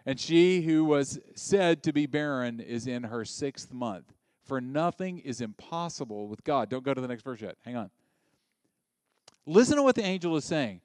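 A man preaching a sermon in a conversational, joking way, breaking into loud emphatic bursts. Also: medium pitch, expressive, normal speed, clear, resonant tone, no echo, studio quality. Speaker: pastor.

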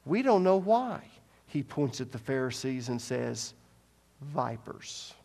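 A man's voice: mid-range voice, big pitch swings, a little slow, creaky, mellow, a little hiss or hum. A man preaching a sermon as pastor, emphatic, repeating his key points and asking the congregation rhetorical questions. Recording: long reverb of a large hall.

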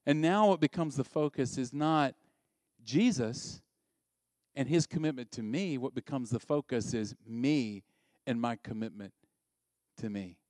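A male pastor giving a sermon, animated and conversational, asking the listeners direct questions. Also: medium pitch, a little slow, dry recording, studio quality.

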